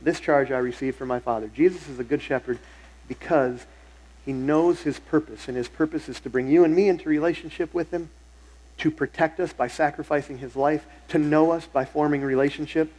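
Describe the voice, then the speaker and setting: Pastor, man, middle-aged, fairly high voice, conversational sermon with repeated phrases for emphasis. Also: steady tone, brisk, darkish tone, poor audio. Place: church sanctuary.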